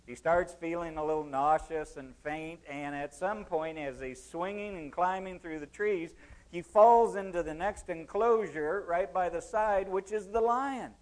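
A man preaching a sermon, telling an illustrative story and quoting writers, with dramatic swings in loudness. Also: sits high, a little slow, low-quality recording.

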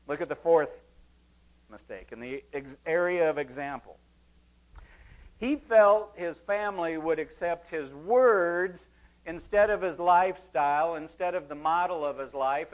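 A man's voice: on the high side, poor audio. A man preaching a sermon verse by verse, briefly acting out the voices in the story.

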